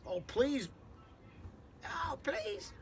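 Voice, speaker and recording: A man's voice: very high-pitched, big pitch swings, extremely slow, slight background noise, voice pushed up, heavily acted. A man voicing a frightened, dizzy female giant spider, wailing and pleading to be helped down. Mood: pleading, frantic. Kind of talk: storybook read-aloud.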